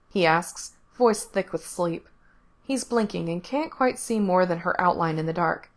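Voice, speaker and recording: A woman reading an intimate story aloud, in a soft, unhurried narration that often drops to a hush. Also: on the low side. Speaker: reader. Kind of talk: scripted narration of explicit fan fiction.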